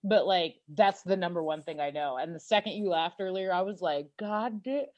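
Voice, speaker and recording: A young woman co-hosting a podcast, teasing and blunt, excitable in casual chat. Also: lowish voice, fairly quick, highs cut off. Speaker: podcast co-host.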